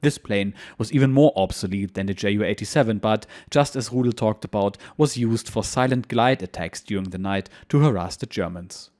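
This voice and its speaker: A man narrating a war memoir as a history channel host, in a steady, measured reading style. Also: on the low side.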